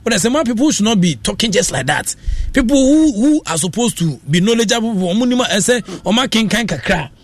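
High-voiced Ghanaian man on radio. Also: lively intonation, a little fast. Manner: rambling, mixes Akan and English. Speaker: radio show host. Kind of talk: casual radio commentary.

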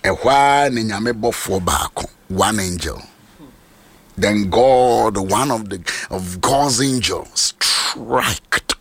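Shouting, gravelly Ghanaian preacher. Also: male voice, lowish voice, lively intonation, slow pace. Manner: shouting, sing-song preaching with repeated phrases. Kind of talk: sermon.

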